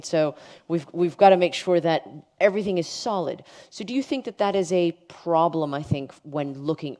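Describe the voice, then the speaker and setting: A woman moderating a conference panel, chatty and quick to jump in with jokes. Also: sits low, mellow. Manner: chatty, quick to interject and joke. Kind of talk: panel discussion.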